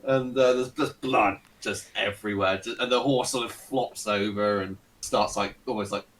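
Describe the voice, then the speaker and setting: A man's voice: lowish voice, fairly even intonation, moderate pace, a bit bright, distant mic. A man narrating a tabletop game as dungeon master, hesitant and often laughing.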